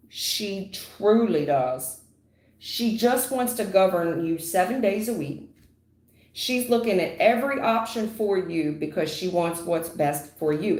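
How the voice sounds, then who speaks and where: A woman's voice: mid-range voice, a little mellow. Woman, tarot reader on a livestream, emphatic and repetitive, casual slang, roomy echo. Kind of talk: live tarot reading.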